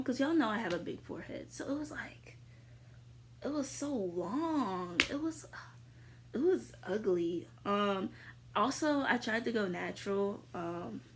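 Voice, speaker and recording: A young adult woman vlogger casually answering viewer questions, rambling with lots of fillers and jumping into sudden high squeals. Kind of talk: casual chat.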